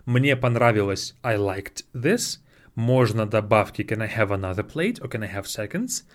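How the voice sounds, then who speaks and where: A man teaching a spoken language lesson, patiently repeating each phrase slowly and explaining it into his own microphone. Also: fairly low pitch, animated.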